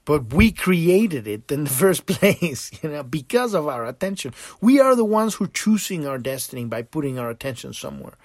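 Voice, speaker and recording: A man hosts his podcast in a loose, animated spiritual monologue, swearing freely and acting out quoted voices. His voice sits somewhat high for a man. The recording is dry and close, with no room sound. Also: normal speed, hardly any pauses, no room sound. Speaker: podcast host.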